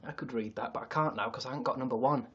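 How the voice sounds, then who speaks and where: A Yorkshire man hosts a casual livestream from his sister's attic, his mid-range voice racing as he rambles, mocks himself, and swears now and then. The audio has its highs cut off.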